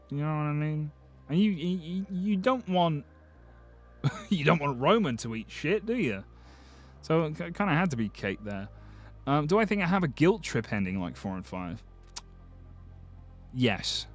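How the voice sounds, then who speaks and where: A man streaming, casually chatting and joking as he reads viewer comments, swearing freely and restarting his sentences. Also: fairly high pitch. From United Kingdom. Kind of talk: casual livestream chat reading viewer comments.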